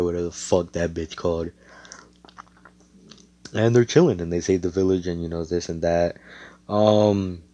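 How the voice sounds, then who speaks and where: A man casually spinning a fan story, rambling along with slang and constant swearing. His voice is low and dark. The sound is dry and close. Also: dry recording. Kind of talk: casual spoken retelling.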